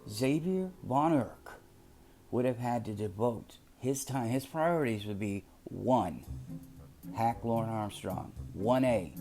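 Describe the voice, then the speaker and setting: A man's voice: mid-range voice, slow pace, mellow. A middle-aged man hosting a casual commentary monologue, talking emphatically and drifting into anecdotes. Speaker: commentary channel host. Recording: music playing behind.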